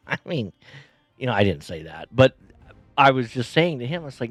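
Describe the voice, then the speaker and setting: Guy rambling thru a road story at home, dry close sound, soft music under it. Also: mid-range voice, moderate pace, pauses often, dry recording. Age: adult, has kids. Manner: rambling, animated retelling with repeated restarts. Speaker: podcast host. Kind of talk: casual storytelling monologue. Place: bedroom at home.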